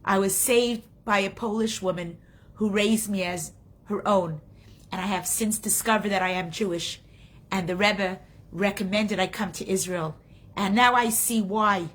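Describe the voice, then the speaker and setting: A woman's voice: mid-range voice, a bit bright, pitched below the performer's own voice, natural voice. A woman voicing a young woman doctor who speaks in an urgent, reassuring way.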